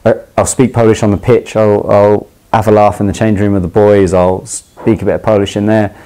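A young man from London talks in a low, mellow voice with a clear London accent. He explains slang in a loose, chatty way, stumbling over restarts and fillers and laughing easily as he goes. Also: little pitch movement, fairly quick, low-quality recording. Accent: London English. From England. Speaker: footballer. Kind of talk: casual explanation of slang to camera.

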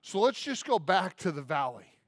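A man preaching a sermon as pastor, telling stories in an animated way and acting out the voices of puzzled listeners. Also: high voice, normal speed, no room sound, studio quality.

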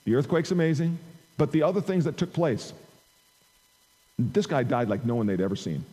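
A man's voice: fairly high pitch, very animated, moderate pace, warm tone, husky, long reverb tail, rough recording. A man preaching a conversational sermon into an amplified microphone, reading scripture aloud and rising in emphasis. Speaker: pastor. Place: church sanctuary.

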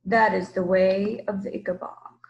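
A woman's voice: medium pitch, level tone, creaky, muffled recording, a little hiss or hum, lightly acted. A woman doing a huge, solemn storybook monster. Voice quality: slow deliberate speech, hushed at times. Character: enormous gentle old monster, solemn and slow.

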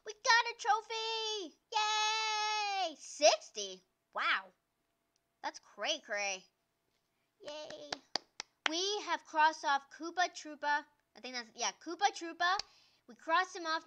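A young woman hosts her own gaming videos, talking through each race as she plays it. Her voice sits high and bright with a sharp edge. She is excitable, squealing and cheering at the screen. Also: a little hiss or hum. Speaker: gaming channel host. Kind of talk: excited gameplay commentary.

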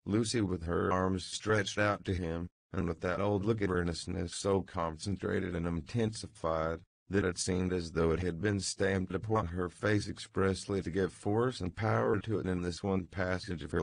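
A man reading an audiobook as narrator in a measured, deliberate way. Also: low-pitched, fairly even intonation, vocal fry, no echo. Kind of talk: scripted narration.

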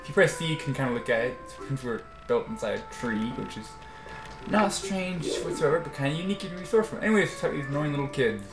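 A man's voice: medium pitch, animated, quick pace, over music. A young man chatting casually while playing a video game, rambling and correcting himself as he goes. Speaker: let's play gamer. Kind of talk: casual gameplay commentary. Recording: roomy echo.

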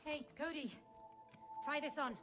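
A woman voicing a brisk, condescending mother in a video game. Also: high-pitched, a bit bright. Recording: game audio with music.

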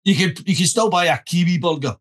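A man's voice: sits high, fast. A Scottish man hosting a podcast, chatting casually and telling stories with lots of animation. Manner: animated storyteller, keeps saying "listen". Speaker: podcast host.

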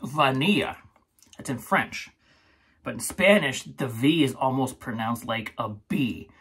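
A man's voice: mid-range voice, animated, unhurried, a bit bright, husky. A man hosting his own shaving channel, chatting casually and rambling through a product review, laughing often.

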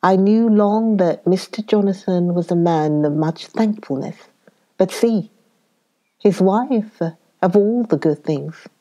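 A woman reading the part of an elderly foreign male professor in an audiobook, speaking earnestly with halting, oddly worded phrasing. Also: mid-range voice, mellow, lo-fi sound, natural voice. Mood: grateful.

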